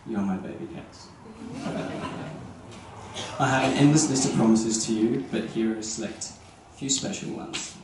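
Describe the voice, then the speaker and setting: A man's voice: on the low side, normal speed, pauses often. A young man, the groom, reading earnest and tender wedding vows with some light humor. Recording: echoey distant venue sound with ambient noise.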